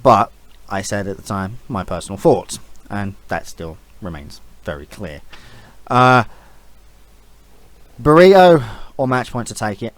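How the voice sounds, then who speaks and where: A man's voice: fairly low pitch, sing-song, unhurried, long pauses, no echo. A man giving a casual, rambling opinion rant as an esports vlogger, blunt and swearing freely.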